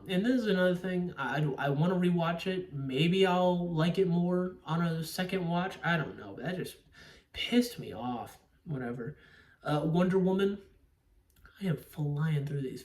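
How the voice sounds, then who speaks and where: A man giving a casual, rambling movie review, swearing often and stressing his opinions. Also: fairly high pitch. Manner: profane, rambling, emphatic. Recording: echoey room, distant from mic.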